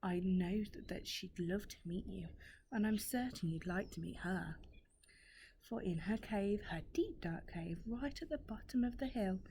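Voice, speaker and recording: A woman, reading a story aloud and voicing a clever, polite duck in a soft, coaxing whisper. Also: mid-range voice, unhurried, slight background noise, close to an everyday voice, poor audio.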